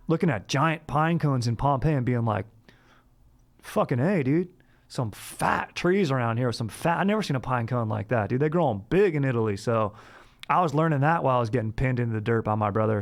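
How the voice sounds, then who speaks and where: A young man hosting a comedy podcast, rambling in surfer-bro slang that is full of "dude" and restarts. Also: a little high. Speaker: podcast host. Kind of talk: comedic bro-character monologue.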